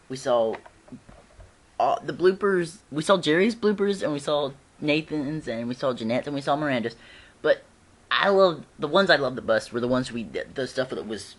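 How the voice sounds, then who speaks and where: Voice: mid-range voice, a bit bright. A fan reviewer chatting casually at home, rambling with frequent giggles and restarts.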